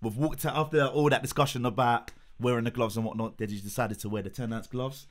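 A man, a boxing coach in casual chat, telling a story with lively acted quotes. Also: medium pitch, fast talker.

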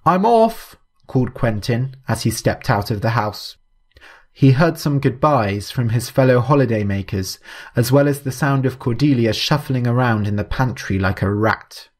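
A man narrating a story in a measured, even, scripted way. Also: mid-range voice.

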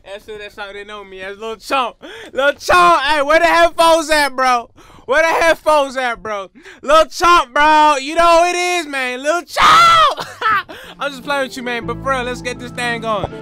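A cocky young rapper on his way up, bragging and chanting his own name in a comedy mockumentary, played by a man. His voice sits high and carries easily, and music plays beneath him. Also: moderate pace, hardly any pauses, sharp tone, clean tone, raised voice, heavily acted. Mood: hyped.

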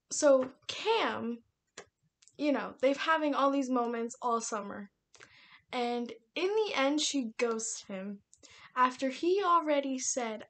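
A woman's voice: sits high, fairly bright tone. A young woman giving a casual, exasperated book review rant, laughing often and mocking the characters in quotes.

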